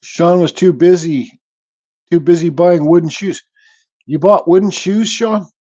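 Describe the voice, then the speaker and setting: Greeting his audience and reading out their comments, a male host keeps his casual livestream chat loose and a bit slow. His voice is fairly high but mellow, his relaxed speech somewhat mumbled, and the sound slightly dull and lo-fi.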